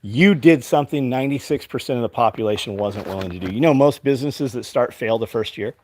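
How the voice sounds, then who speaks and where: A man's voice: mid-range voice, fast, darkish tone, slight background noise. Blunt, profane man ranting. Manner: quotes his own past exchanges. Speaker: business owner and show host. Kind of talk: casual livestream talk. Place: his company's workspace.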